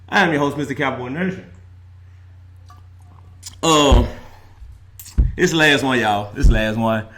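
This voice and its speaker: A man's voice: medium pitch, measured pace, fairly bright tone. A man hosting a casual football talk show, joking and chatty. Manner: laid-back, joking, chatty with y'all slang. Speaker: sports talk show host. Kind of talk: casual sports talk livestream.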